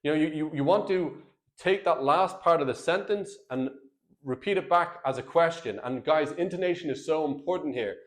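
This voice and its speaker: A man's voice: fairly high pitch, normal speed. A man talking straight to camera as a marriage coach, earnest and plain-spoken, calling his viewers guys and brother. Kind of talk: direct-to-camera coaching talk.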